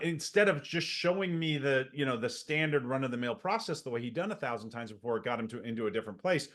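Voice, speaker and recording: A man telling a work anecdote as a podcast guest, acting out the dialogue with energy. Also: fairly high pitch. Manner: animated storyteller who acts out quoted dialogue. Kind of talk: conversational anecdote.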